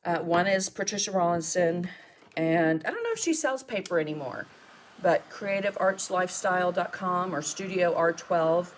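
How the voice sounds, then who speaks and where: This woman's lowish voice is animated and moves at a normal speed, with a little hiss or hum in the recording. She hosts a live mixed media art demonstration, chatting, thinking aloud while she works, and addressing viewer comments.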